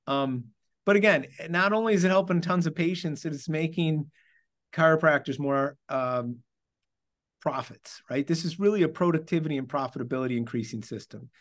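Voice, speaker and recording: A man giving a casual presentation as a trainer for a clinic device, hesitant with many fillers as he runs through figures. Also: a little high.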